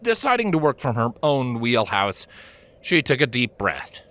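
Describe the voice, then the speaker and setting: A man narrating a fan story aloud in a lively, expressive storytelling manner. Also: medium pitch, unhurried. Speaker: reader.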